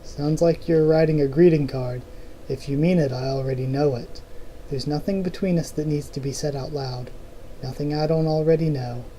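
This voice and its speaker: A steady dying woman who talks calmly to the person she loves, read aloud by a man. The voice is mellow and a little higher than usual, the delivery plain, as if read from a comic page. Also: normal speed, slight background noise, close to an everyday voice, low-quality recording. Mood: dry.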